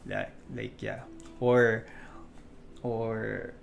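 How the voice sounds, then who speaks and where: Gravelly-voiced Filipino man teaching casually. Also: on the low side, huge pitch swings, drawn-out words, muffled recording, soft background music. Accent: Filipino English. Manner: chatty, many fillers and restarts. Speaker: online course instructor. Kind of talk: casual tutorial explanation.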